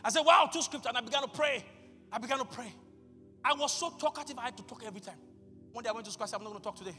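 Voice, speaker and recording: A man preaching with a high, bright voice that keeps jumping into shouts, acting out his talks with God. He sounds like he's in a big reverberant hall, with faint music behind him. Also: very fast. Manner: acts out dialogues with God. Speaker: pastor. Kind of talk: sermon.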